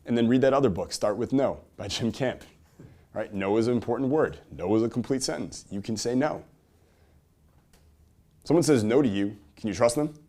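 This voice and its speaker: Speaking at a moderate pace with frequent pauses, a medium-pitched man delivers a spirited seminar to a live crowd. He peppers it with rhetorical questions, alternating booming emphasis and hushed asides.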